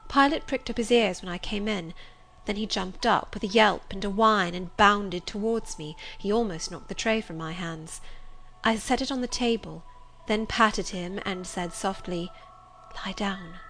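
A woman reads a story aloud in a measured, expressive way. Her voice sits at an ordinary middle pitch, with a faint hiss of noise underneath. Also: gravelly. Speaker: audiobook reader. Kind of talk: scripted narration.

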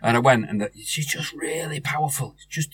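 Chatty man, bright voice. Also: mid-range voice, brisk, husky, dry recording. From North West England. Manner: rambling anecdote, many restarts, chatty. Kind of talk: casual chat.

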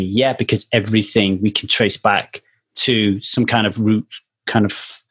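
A man's voice: fairly low pitch, steady tone, unhurried, fairly bright tone, slightly rough. A man hosting a casual conversation, earnestly telling a personal story in a reflective way.

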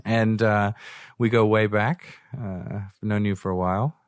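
A man's voice: on the low side, fairly even intonation, a little slow, no room sound, studio quality. A young man hosting a podcast in casual chat, rambling and joking, laughing often. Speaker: podcast host. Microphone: studio microphone.

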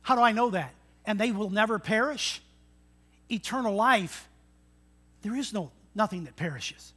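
A man in his sixties delivers a sermon with a lively preaching style. His voice sits high and sounds bright and forceful, rising on emphatic lines and dropping low for asides. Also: normal speed. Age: 60s. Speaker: pastor.

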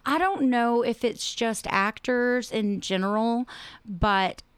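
A woman's voice: a little high, slow, clean tone, dry recording. A woman stage actor chatting in an interview, gushing, with many fillers. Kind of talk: casual interview chat.

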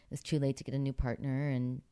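Middle-aged actress from Pittsburgh, chatty interview guest, very deep and smooth for a woman. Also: flat delivery, quick pace, mellow. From Pittsburgh, USA. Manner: chatty, many fillers, laughs often. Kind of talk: relaxed interview storytelling.

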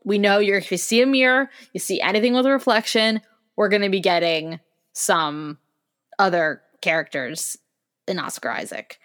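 A woman's voice: mid-range voice, normal speed, a bit bright. A woman co-hosting a podcast in casual chat, enthusiastic and talkative, with many fillers and restarts. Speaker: podcast co-host.

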